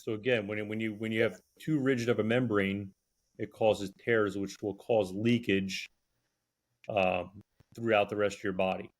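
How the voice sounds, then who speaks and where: Low-ish guy on a podcast, earnest, hammers his points home. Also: steady tone, normal speed. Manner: earnest, repeats key points emphatically. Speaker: podcast co-host, health guest expert. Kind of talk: casual podcast conversation.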